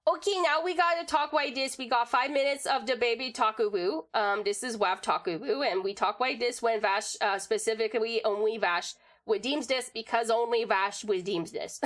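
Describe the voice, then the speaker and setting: A woman's voice: a little high, normal speed, fairly bright tone, natural voice. A woman putting on a baby voice for a little tiger-like creature version of her streaming persona, talking in cutesy broken baby talk. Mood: playful.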